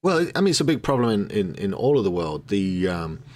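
A man's voice: lowish voice, big pitch swings, fairly quick, darkish tone. A man hosting a podcast interview in a casual, laid-back way, cursing freely and calling his guest "man" and "dude". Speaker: podcast host.

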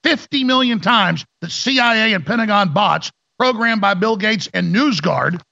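A man's voice: high-pitched, lively intonation, moderate pace, creaky, sharp tone, no room sound, highs cut off. A man hosting a talk radio show, ranting sarcastically and mimicking opponents in mocking voices.

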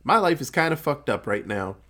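A self-doubting young pregnant woman, low and hushed, stumbling over her words, as a man puts her on while retelling a film. The voice stays close to his own, just dropped and quieter. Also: sing-song, fairly quick. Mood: dejected.

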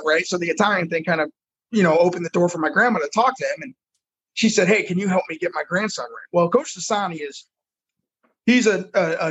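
Husky high-voiced man telling his story. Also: a bit bright, poor audio. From United States. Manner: earnest, frank storyteller who repeats words as he goes. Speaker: football coach and guest. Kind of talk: personal storytelling in conversation.

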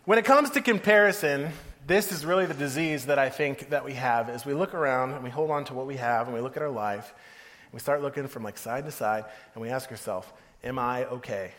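A man's voice: medium pitch, fairly quick, a bit bright. A man in his thirties giving a casual, joking sermon, often laughing as he talks. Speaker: pastor. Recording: long hall reverb.

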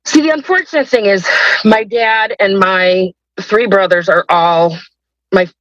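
A woman's voice: medium pitch, unhurried, a bit bright, dry recording, dull audio. A woman telling her personal story as a guest in a podcast interview, hesitant and rambling, with many restarts.

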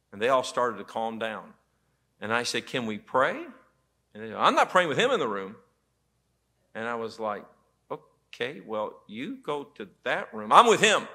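A man preaching a sermon as pastor in a church auditorium, telling stories with quoted voices. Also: mid-range voice. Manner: animated storytelling with quoted voices.

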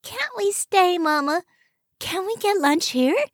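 A woman voicing an excited young boy who is eager and boastful in a storybook reading. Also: very high voice, slow pace, no echo, clean studio sound, voice pushed up, exaggerated voice. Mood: pleading. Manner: loud, eager, pleading.

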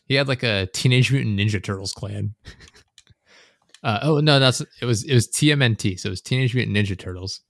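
A man's voice: lowish voice, fairly quick, creaky, fairly bright tone, dry recording, studio quality. A young man hosting a casual gaming podcast, rambling and swearing often, with frequent laughter. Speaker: podcast host.

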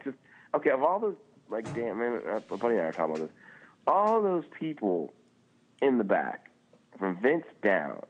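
A man co-hosting a podcast, ranting casually and swearing often, with lots of "like" fillers. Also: fairly low pitch. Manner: animated, swearing, frequent "like" fillers. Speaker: podcast co-host. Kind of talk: casual chat. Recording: tinny phone-like line.

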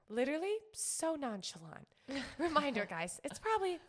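A woman's voice: a little high, moderate pace. A young woman telling a long, dramatic story in casual podcast chat, laughing often and acting out what people said. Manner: animated, dramatic storyteller who laughs often and acts out quotes. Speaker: podcast guest.

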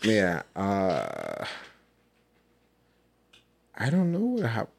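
A man co-hosting a casual podcast, relaxed and rambling, with laid-back slang. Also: on the low side, drawn-out words, vocal fry. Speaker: podcast co-host. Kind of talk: casual chat.

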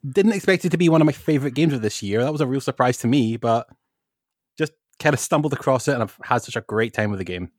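A man's voice: mid-range voice, lively intonation, fast talker, no echo, clean studio sound. A Scottish man from Scotland, a guest on a gaming podcast, talking in an easygoing, rambling way. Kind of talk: casual podcast chat.

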